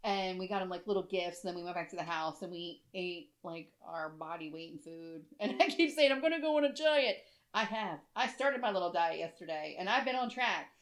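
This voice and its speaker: A woman chatting casually as a podcast co-host, an animated storyteller who laughs often and acts out what people said. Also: a little fast, few pauses. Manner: acts out quotes in big high voices. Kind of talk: casual chat.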